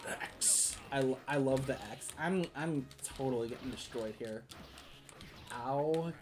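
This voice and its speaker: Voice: medium pitch, a little slow. A game streamer giving casual play-by-play commentary, rambling with lots of restarts and laughs.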